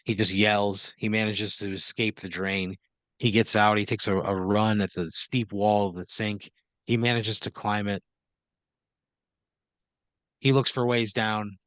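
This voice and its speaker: A man's voice: lowish voice, flat delivery, unhurried, long pauses, a bit bright, no room sound. A man hosting an improvised comedy podcast, narrating a story casually with lots of fillers and laughter. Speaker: host and game master.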